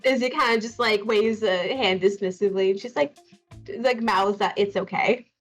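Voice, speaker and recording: A woman's voice: medium pitch, normal speed, faint music behind. A woman player in a tabletop game, narrating her character's actions in a chatty, hesitant way. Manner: chatty, hesitant, lots of likes. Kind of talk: casual chat and in-character narration.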